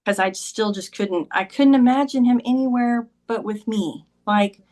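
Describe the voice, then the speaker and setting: A woman's voice: a little high, moderate pace, darkish tone. A woman talking as a podcast guest, telling a personal story in a conversational way and often saying "like" and "he goes".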